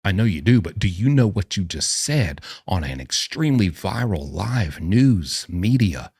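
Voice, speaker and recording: A man who is a former prisoner giving an animated, ranting commentary full of emphatic rhetorical questions. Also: deep voice, measured pace, husky, dry recording, studio quality. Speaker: vlogger and former prisoner explaining prison life.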